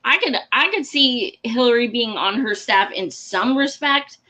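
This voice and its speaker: A young adult woman hosting a casual political commentary show, blunt, profane and excitable. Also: on the high side, a little slow.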